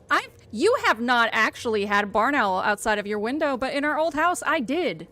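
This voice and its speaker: A woman's voice: a little high, lively intonation, moderate pace, few pauses, bright, forceful tone. A woman streamer chatting casually while she plays, teasing her friend and swearing freely. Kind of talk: casual live-stream chat while gaming.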